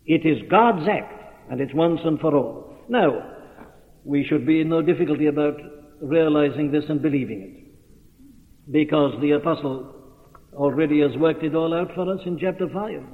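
A man's voice: a little high, moderate pace. A man preaching a sermon, earnest and emphatic, rising on key phrases. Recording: tinny, lo-fi archival recording in a reverberant hall.

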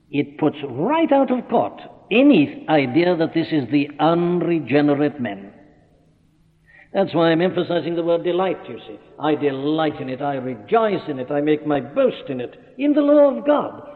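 A man delivers an expository sermon, pressing his points with rhetorical questions. His voice sits fairly high and swings widely in pitch. The recording is thin and phone-like, with a long reverb trailing through a large hall. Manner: emphatic, reasoning aloud with rhetorical questions. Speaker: preacher.

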